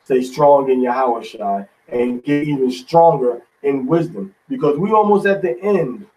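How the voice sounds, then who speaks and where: A man's voice: mid-range voice, darkish tone, recorded from a distance, lo-fi sound. A man teaching a Bible study in an informal, folksy sermon style, often tagging lines with "man".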